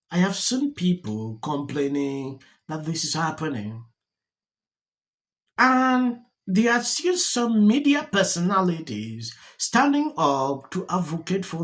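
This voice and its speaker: A man talks through his opinions slowly, with a lively rise and fall in pitch. He presses his points emphatically and repeats them. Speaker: commentary vlogger. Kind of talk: opinion commentary.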